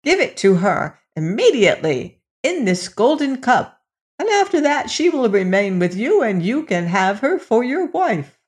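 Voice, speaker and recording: Old forest crone, as a reader puts her on, high strained voice, slow and deliberate, odd far-off timbre, storybook. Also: very animated. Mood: instructing. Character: old female forest crone, helpful and mysterious. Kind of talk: storybook reading.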